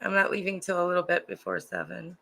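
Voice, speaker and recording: Gravelly woman with a Chicago accent. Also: fairly low pitch, level tone, fast talker, a bit bright, low-quality recording. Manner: hesitant, many ums. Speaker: co-host. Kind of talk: casual chat.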